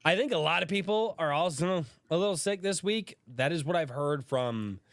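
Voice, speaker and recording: A man with a lively, swooping voice hosts a casual livestream while he is sick, his throat sore and a cough breaking in. He greets people by name with upbeat energy. The sound is dry and close. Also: a little high, normal speed, dry recording. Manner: animated, greets chat by name, laughs through coughs. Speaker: podcast host.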